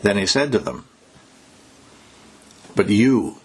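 A man preaching a sermon, exhorting his listeners and slowing down to stress key words. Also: lowish voice, big pitch swings, slightly rough. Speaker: pastor.

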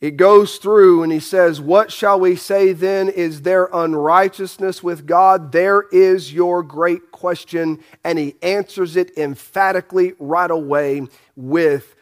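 A man's voice: sits high, fairly even intonation, unhurried, few pauses. A man preaching a Bible sermon, emphatic, asking rhetorical questions and restarting phrases as he goes. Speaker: pastor.

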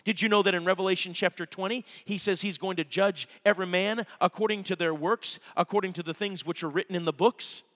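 A man with a high voice preaches a revival sermon, swinging from playful storytelling to hard emphasis. His words ring out with a long reverb from the church hall around him. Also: steady tone, quick pace, hardly any pauses, fairly bright tone. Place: church sanctuary.

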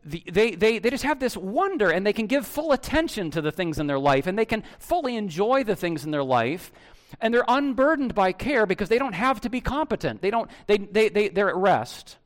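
With a voice that sits high and a pace a little on the fast side, this male pastor preaches conversationally and with animation. He frequently starts over mid-thought and asks the congregation direct questions.

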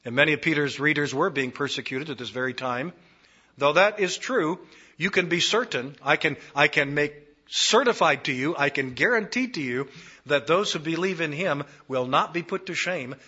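A man's voice: fairly high pitch, lively intonation, normal speed, pushed and bright, slightly rough, dull audio. A man preaching an expository sermon, repeating phrases for emphasis.

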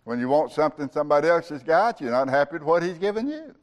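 A man's voice: on the high side, animated, fast talker. Earnest preaching pastor, a man. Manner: earnest preaching, recites scripture, voices God in first person. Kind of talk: sermon.

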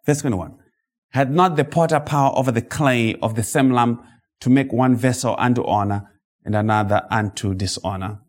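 A man preaches an expository sermon in an emphatic, rhetorical, expressive style. He reads scripture slowly and dramatically and breaks into sudden high-pitched outbursts.

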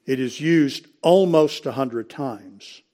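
A man's voice: medium pitch, slow, warm tone. A male preacher teaching from scripture. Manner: expository preaching, citing verses and addressing the congregation as folks; clears his throat now and then. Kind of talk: sermon.

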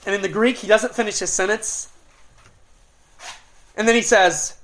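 A middle-aged pastor delivering an expository sermon, earnest and emphatic, with dramatic pauses and occasional restarts. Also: male voice, high voice, fairly even intonation, fairly bright tone.

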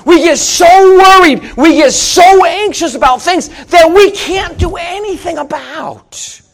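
A middle-aged man preaching a sermon in a conversational, joking way, with sudden loud outbursts. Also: extremely high pitch, a little slow. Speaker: pastor.

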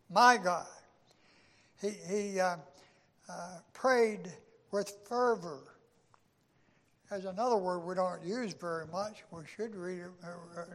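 An older male preacher delivers a sermon at a slow, deliberate pace, his voice pitched high for a man. He stumbles and restarts often, then swells with emphasis on key words. His voice rings with the long reverb of a church hall. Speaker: pastor.

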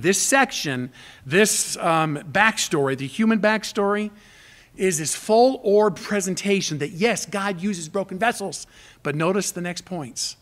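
A man preaches to his congregation, his voice pitched high and ringing bright. He moves through the text with emphatic, dramatic delivery, pausing to act out the words of those he quotes. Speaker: pastor. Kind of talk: expository sermon.

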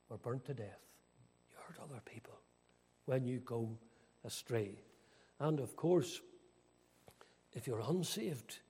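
A man's voice: a little high, mellow, breathy edge. An older man preaching a sermon earnestly, with dramatic rises and falls. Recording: long hall reverb.

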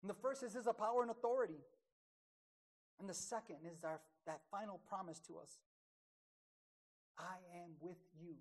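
A woman preaching a sermon, emphatic, dropping to a hush and rising loud again, slowing down on key words. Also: medium pitch, expressive.

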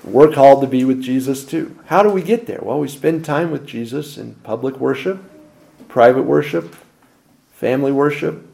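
A man preaches a sermon as pastor, his medium-pitched voice gravelly and at normal speed. Rhetorical questions fill his delivery, which swings between loud emphasis and quiet asides.

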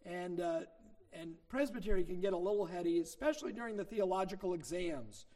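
A man's voice: sits high, animated, fairly quick, warm tone. A middle-aged man preaching a sermon as a minister, teaching in a conversational way with anecdotes and leaning hard on key points.

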